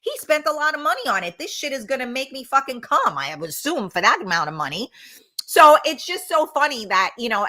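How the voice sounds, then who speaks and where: A middle-aged woman hosts a casual live-stream chat. Her voice is bright and forceful, and she rambles through fillers and restarts, swearing bluntly as she reads out viewer comments. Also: a little high. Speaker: talk show host reading live comments.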